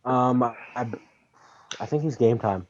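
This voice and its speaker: A man co-hosting a podcast, chatting about hockey in a casual way, thinking aloud and getting animated. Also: medium pitch, takes it slowly, slight background noise. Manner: thinks aloud with fillers and restarts, then gets animated. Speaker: podcast co-host. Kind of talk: casual sports chat. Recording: dull lo-fi audio.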